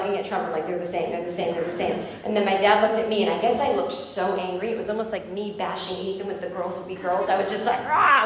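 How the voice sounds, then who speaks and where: Animated woman comic in an echoey club. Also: medium pitch. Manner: animated, profane storytelling. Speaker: stand-up comedian. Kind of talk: stand-up comedy. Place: live comedy club. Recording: echoey club room, faint noise.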